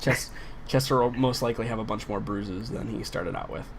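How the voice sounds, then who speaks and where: A man's voice: on the low side, fairly quick, vocal fry, a little hiss or hum. A man narrating a tabletop game as game master, in loose narration full of fillers.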